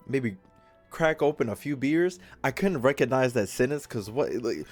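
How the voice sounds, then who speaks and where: A man of ordinary pitch reads game dialogue aloud, casual and jokey, stumbling over words and swearing now and then. Soft game music plays beneath his voice. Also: lively intonation, moderate pace. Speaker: gaming video host. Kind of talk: reading game dialogue aloud while playing.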